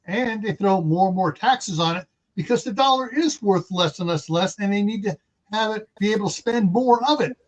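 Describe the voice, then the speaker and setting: A man's voice: high voice, moderate pace. A man from California hosting a casual livestream chat, rambling with sarcastic asides. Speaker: host.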